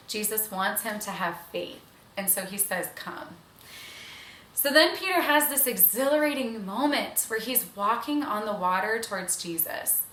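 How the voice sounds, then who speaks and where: Woman, 30s, earnest conversational devotional, slightly high pitch, roomy echo. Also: bright, forceful tone. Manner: earnest, conversational, with casual asides. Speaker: devotional speaker. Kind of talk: online women's devotional. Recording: echoey room.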